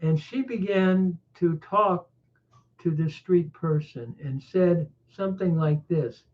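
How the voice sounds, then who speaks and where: A man teaching a Bible chapter verse by verse, reflective and unhurried, pausing often with small fillers. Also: high voice. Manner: reflective, with frequent pauses and fillers. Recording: tinny phone-like sound.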